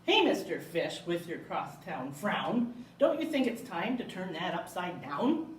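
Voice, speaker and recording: A woman's voice: lowish voice, very animated, unhurried, slight background noise. A woman voicing a cheerful female clam who gives friendly advice in a storybook reading. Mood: coaxing. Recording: echoey room, mic far off.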